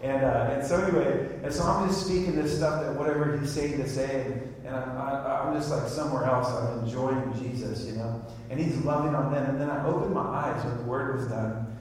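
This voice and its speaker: A man's voice: mid-range voice, steady tone, fairly quick, hardly any pauses, a little hiss or hum. A man who is a guest minister, telling a story animatedly with laughter and then speaking a prophetic word. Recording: very echoey hall, far from the mic.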